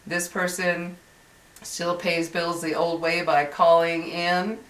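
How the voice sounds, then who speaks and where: An older woman speaks straight to her viewers in a somewhat low voice, rambling and clearly exasperated. She often stops and restarts her sentences. The audio is roomy and echoey, as if the mic sits a few feet away. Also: little pitch movement, takes it slowly, fairly bright tone. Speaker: YouTuber. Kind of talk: venting vlog to viewers. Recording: roomy echo, distant mic.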